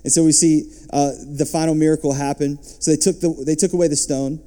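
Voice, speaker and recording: Man preaching an animated sermon, mellow tone. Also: a little high, fairly quick. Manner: animated preaching, rising and dropping to soft asides. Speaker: pastor.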